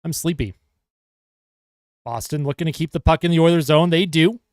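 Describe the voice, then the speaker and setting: A man calling hockey play-by-play as a fan livestreamer, excitable and chatty with his viewers. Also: a little high, fast talker, clear, resonant tone, no room sound, studio quality. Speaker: fan commentator livestreaming a game. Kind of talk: casual play-by-play commentary.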